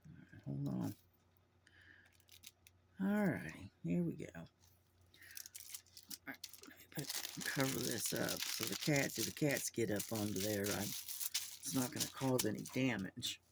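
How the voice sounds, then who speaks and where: A man's voice: medium pitch, expressive, unhurried, gravelly, pauses often, heavy background noise. A man chatting casually to his camera at home, rambling with lots of fillers and restarts. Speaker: vlogger. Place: at home indoors. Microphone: camera mic.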